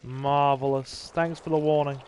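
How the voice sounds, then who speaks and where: A man's voice: medium pitch, fairly even intonation, a little slow, darkish tone, slight background noise. A man, casually commentating a livestreamed game with dry, self-deprecating remarks to his chat, dry-mouthed from thirst. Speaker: gaming streamer.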